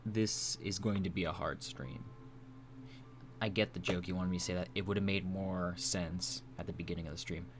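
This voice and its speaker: A man streaming live, rambling through a mock-tearful fake apology in a deadpan, stammering way. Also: low voice, normal speed, noisy background. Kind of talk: mock-tearful livestream banter.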